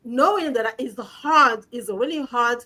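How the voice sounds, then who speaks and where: A woman's voice: a little high, unhurried, bright, forceful tone. A woman guest telling her story in a casual conversation, earnest and conversational. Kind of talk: casual chat.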